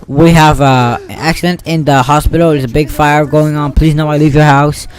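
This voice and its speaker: A man's voice: fairly high pitch, steady tone, natural voice. A young man voicing an emergency broadcast announcer hurrying through warnings. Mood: urgent. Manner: rushed, warning.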